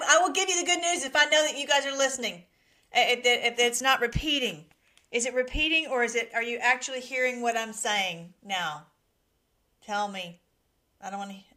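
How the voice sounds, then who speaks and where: A woman's voice: high voice, a bit bright. A woman hosting a casual live stream from her laptop, emotional and giggly as she greets her chat. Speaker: livestream host. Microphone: laptop mic.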